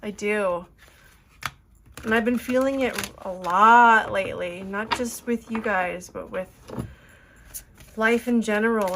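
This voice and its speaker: A woman's voice: medium pitch, a bit bright, a little hiss or hum. A woman giving an earnest, emotional tarot reading, rambling with fillers as she talks to her viewers. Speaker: tarot reader.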